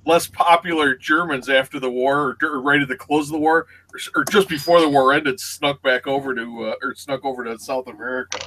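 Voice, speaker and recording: A man's voice: medium pitch, brisk, hardly any pauses, bright, forceful tone, slight background noise, poor audio. A man co-hosting a casual live chat show, telling stories and going off on history tangents. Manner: storytelling, chatty history tangents. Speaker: co-host.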